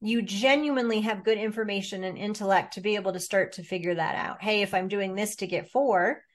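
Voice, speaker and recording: A woman's voice: mid-range voice, steady tone, brisk. A woman coaches a group over a video call. She talks in a middle register with lots of energy. She keeps slipping into playful quoted inner voices to make her points. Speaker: business coach leading a group session. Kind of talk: coaching workshop talk.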